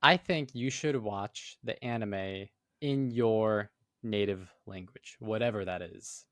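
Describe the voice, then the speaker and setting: A man's voice: fairly low pitch, takes it slowly, dry recording, studio quality. A young man co-hosting a casual podcast, presenting survey results and teasing his friend. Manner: teasing, explains at length. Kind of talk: casual chat, explaining.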